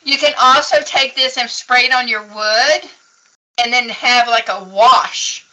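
A woman's voice: fairly high pitch, unhurried, sharp tone, rough recording. A woman teaching a casual painting lesson at a craft table, chatty and encouraging as she explains each step. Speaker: craft instructor.

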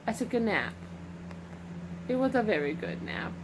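A woman's voice: fairly high pitch, very animated, normal speed, creaky, background noise. A young woman in casual chat with her toddler, coaxing and praising her in sing-song baby talk. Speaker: mother filming her toddler. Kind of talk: casual home vlog.

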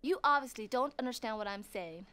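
A woman's voice: a little high, animated, brisk, bright, forceful tone, a little hiss or hum. An actress playing a cold, ruthless female crime boss in a video game, speaking in imperious, clipped threats. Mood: grave. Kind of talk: full-motion video game acting.

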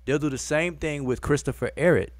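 In a dry recording, a man with a voice on the high side speaks briskly while hosting a live video show. He keeps it informal, says "y'all" to his audience, and bursts into fits of laughter during his casual stream commentary.

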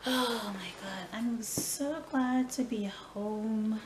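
A woman's voice: on the high side, steady tone, drawn-out words, roomy sound, noisy background. A woman chatting casually to her phone camera at home, tired and a little out of breath, with playful dramatic sighs. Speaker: vlogger. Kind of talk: casual vlog chat. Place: home kitchen. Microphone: phone on a selfie stick.

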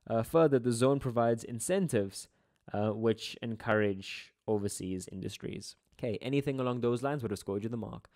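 A man's voice: mid-range voice, normal speed, a little mellow. A young man with a South African Durban accent, walking through exam answers as a geography tutor in a casual lesson, with chatty asides and playful slang.

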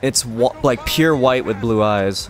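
Here a young gameplay streamer gives easygoing commentary on a cowboy game with a friend, reading prompts aloud between giggles and jokes. His medium-pitched voice is unhurried, yet his mood is playful, giggly, and lively.

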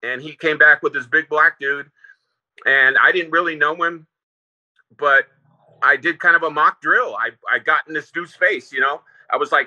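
A man with a sharp, bright voice pitched a little high recalls his years as a prison lieutenant. He wanders through his stories with fillers and restarts, and the audio sounds dull and lo-fi. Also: moderate pace. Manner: relaxed, rambling with restarts and fillers. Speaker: former prison lieutenant, guest. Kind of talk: casual interview storytelling.

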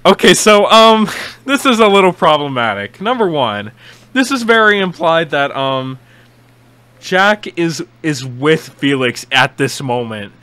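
A young man hosting a casual reaction video, excitable and rambling, swearing often with many restarts. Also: a little high, smooth.

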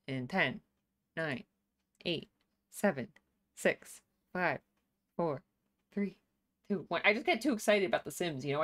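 A woman's voice: on the low side, fairly bright tone. A woman streaming a life-sim game, chatting casually, reading chat aloud and laughing often.

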